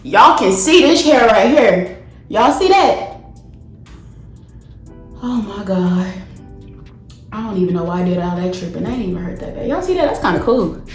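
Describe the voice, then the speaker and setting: A woman's voice: medium pitch, very animated, moderate pace, long pauses, roomy sound, soft background music. A young woman, vlogging in a nervous, joking way, counting down and yelping, shaky and sweaty. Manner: dramatic, nervous, joking, loud yelps and counting down. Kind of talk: casual vlog chat. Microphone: phone camera.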